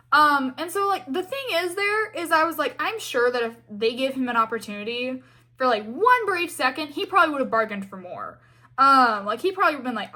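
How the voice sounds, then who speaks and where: A woman's voice: sits high, lively intonation, fairly quick, pushed and bright. A young woman giving a casual, exasperated fan rant full of fillers and acted-out quotes. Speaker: fan commentator.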